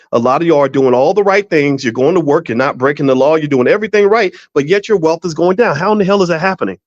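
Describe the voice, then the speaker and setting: A man's voice: mid-range voice, no echo. A male podcast host and finance professor talking in a casual monologue, rambling and stumbling over repeated words. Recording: dry, slightly dull recording.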